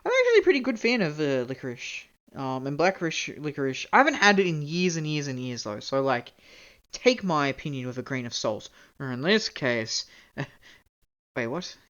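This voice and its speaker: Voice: medium pitch, big pitch swings, normal speed, a bit bright. Canadian streamer rambling and swearing at chat, swoopy voice, kinda muffled home mic. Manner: rambling, self-mocking, swears freely. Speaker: game streamer. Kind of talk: casual live-stream chat.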